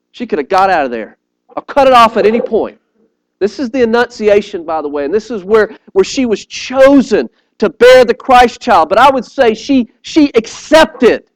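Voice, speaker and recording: A man's voice: high voice, very animated, normal speed, no echo, low-quality recording. A man preaching a sermon, telling stories with animation and often repeating words as he appeals directly to his listeners.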